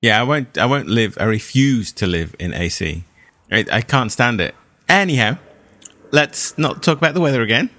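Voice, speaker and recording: A man's voice: medium pitch, lively intonation, moderate pace, sharp tone, dry recording. A man hosting a film review podcast over a video call, chatting casually with a dry, sarcastic humor. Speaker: podcast host.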